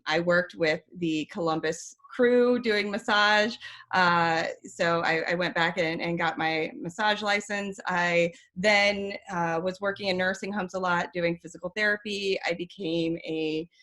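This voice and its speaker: A woman's voice: fairly low pitch, fairly bright tone. A middle-aged woman answering interview questions in an earnest, detailed way, with many fillers and restarts. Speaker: regulatory director, interview guest.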